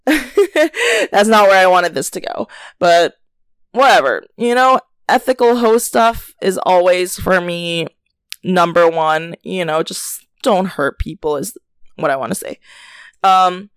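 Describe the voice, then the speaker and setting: A woman's voice: on the low side, takes it slowly, clear, resonant tone, no echo. Chatty young woman, dry close sound. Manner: chatty, animated, swears freely, laughs often, many fillers. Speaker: podcast host. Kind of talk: casual chat, storytelling rant.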